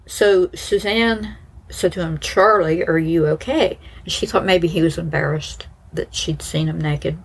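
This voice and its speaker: Low husky-voiced woman podcast host. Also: low-quality recording. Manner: chatty and informal, many "like" fillers and asides. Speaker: true crime podcast host. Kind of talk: casual storytelling narration.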